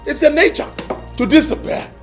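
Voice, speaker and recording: A boastful scheming prince. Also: male voice, very high-pitched, moderate pace, faint music behind. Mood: defiant. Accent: Nigerian. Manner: boastful, mocking, shouting out bursts. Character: arrogant young prince grabbing for the throne.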